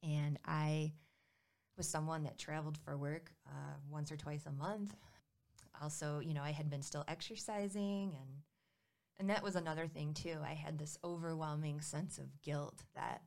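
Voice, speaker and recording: A woman's voice: low-pitched, steady tone, moderate pace, creaky, a little mellow. A woman in her thirties telling a personal story in a candid, conversational way, with many fillers and quoted dialogue.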